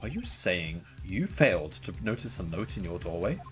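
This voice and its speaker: A man's voice: deep voice, very animated, moderate pace, a bit bright, faint music behind. A man reading the lines of a cool male prosecutor who questions a suspect closely. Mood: probing. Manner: probing, questioning.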